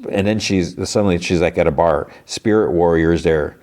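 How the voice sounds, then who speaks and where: A man hosting a podcast, casually retelling a cartoon episode with lots of fillers and quick quoted lines. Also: low voice, a little mellow. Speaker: podcast host recapping an episode. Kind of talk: casual recap.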